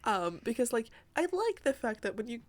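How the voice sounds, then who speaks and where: A woman's voice: on the high side, very animated, moderate pace. Young woman, chatty voice-over, giggly, rambling, recorded at home. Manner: giggly, rambling, many fillers. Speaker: Sims builder and YouTuber. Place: home room by day.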